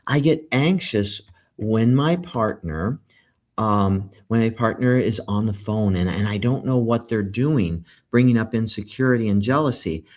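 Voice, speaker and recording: A man's voice: on the low side, expressive, a little slow. Reflective man hosting a talk show. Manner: warm, reflective, many fillers and restarts. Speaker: podcast host. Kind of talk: conversational interview.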